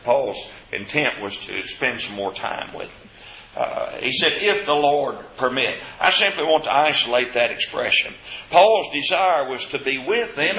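A man's voice: on the high side, sharp tone. Preacher man teaching in a roomy hall. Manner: slow, deliberate teaching with scripture quotes. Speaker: preacher teaching a Bible study. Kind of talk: evening Bible study sermon. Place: church classroom with a board. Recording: roomy, dull lo-fi recording.

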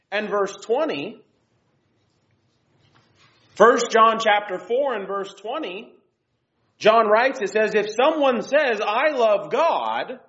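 A woman's voice: on the high side, a bit bright. A young woman giving an earnest devotional Bible lesson and reading scripture aloud. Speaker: Bible teacher. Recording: dull lo-fi recording.

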